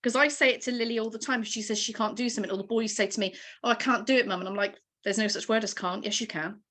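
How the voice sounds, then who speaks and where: A woman's voice: mid-range voice, steady tone, fast, a bit bright. Earnest woman on a video call. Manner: encouraging, earnest and emotional. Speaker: team leader giving a motivational training. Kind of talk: motivational talk on a video call.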